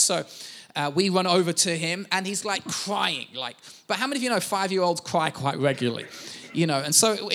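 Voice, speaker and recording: A man's voice: high voice, a bit bright. A man in his thirties, a pastor, preaching a sermon and telling family stories with self-deprecating humor.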